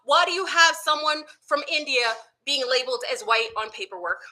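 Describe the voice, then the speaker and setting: A woman's voice: sits high, expressive, a little fast, bright, forceful tone. A woman talking straight to her viewers from home in an unscripted monologue, firing off rhetorical questions and calling them y'all. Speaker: online commentator. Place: home with dogs nearby.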